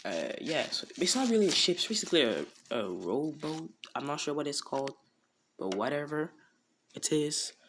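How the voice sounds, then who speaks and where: A man's voice: on the high side, big pitch swings, normal speed, background noise. A man casually improvising a fan story, rambling with many fillers like "you know" and "basically".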